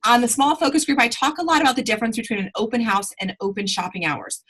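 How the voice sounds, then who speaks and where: A woman's voice: a little high, quick pace, fairly bright tone, slightly rough, low-quality recording. A woman coaching her sales team in a live online training, chatty and rambling, often stopping to correct herself.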